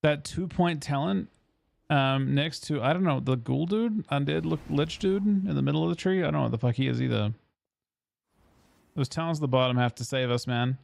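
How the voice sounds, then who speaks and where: A man's voice: fairly high pitch, normal speed, vocal fry, a little mellow, no echo. A young man streaming a video game, thinking aloud and swearing casually to his chat. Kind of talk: casual live-stream commentary.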